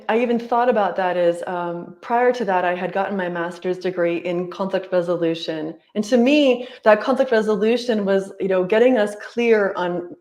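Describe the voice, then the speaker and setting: A woman's voice: medium pitch, a little mellow. A woman who works as a life coach and yoga teacher tells her story in a casual interview. She is earnest and chatty, and she keeps saying "like" and "right?".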